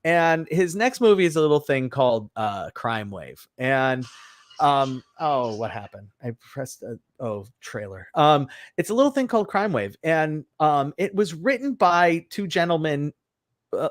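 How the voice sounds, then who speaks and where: A man co-hosting a podcast, chatting casually about a movie in a rambling, animated way full of fillers and restarts. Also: fairly high pitch, moderate pace, no room sound, clean studio sound. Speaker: podcast co-host. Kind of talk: casual film review chat.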